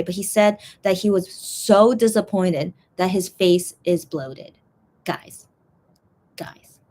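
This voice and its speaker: A young woman in casual chat, rambling to her viewers with lots of fillers and restarts. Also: medium pitch. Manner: chatty and animated, talking straight to viewers. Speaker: fan vlogger.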